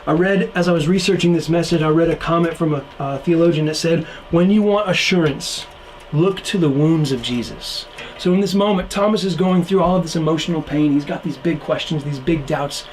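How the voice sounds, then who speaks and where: Earnest casual youth pastor preaching. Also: male voice, on the high side, steady tone, fast talker, few pauses, a little mellow, slight background noise, poor audio. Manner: earnest, casual slang, voices scripture characters. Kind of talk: online youth sermon.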